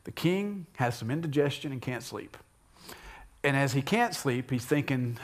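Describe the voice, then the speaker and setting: A pastor giving a sermon, retelling a story in an animated, conversational way with asides to the congregation. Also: male voice, mid-range voice, moderate pace.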